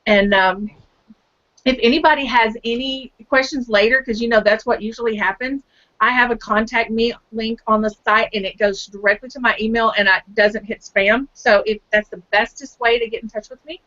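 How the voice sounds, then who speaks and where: A woman's voice: on the high side, steady tone, moderate pace, pushed and bright. A woman author chatting on a video call, bubbly and self-deprecating, laughing easily. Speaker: guest author. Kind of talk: casual online chat. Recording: slightly muffled video call audio.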